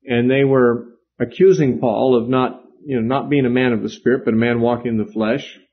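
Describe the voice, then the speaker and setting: A man's voice: mid-range voice, fairly even intonation, a little fast. A man teaching a Bible lecture in a conversational way, with fillers and asides. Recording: dull, lo-fi lecture recording.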